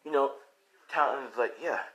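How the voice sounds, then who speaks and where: A man's voice: mid-range voice, normal speed, a bit bright, rough recording. A man improvising a fan-fiction story aloud in a rambling, filler-heavy way. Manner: rambling, full of fillers and profanity.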